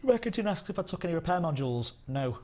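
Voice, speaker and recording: A slightly high, mellow-ish male voice races along very quickly with big pitch swings. The Northern English streamer from England chats and rambles through a casual gaming session, reading his chat aloud.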